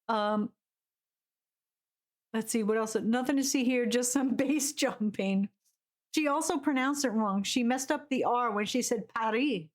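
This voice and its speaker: Woman streamer chatting over a game, high voice, takes her time, giggles a lot. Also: unhurried, pauses often. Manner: chatty, giggly, greets chat. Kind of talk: live game commentary.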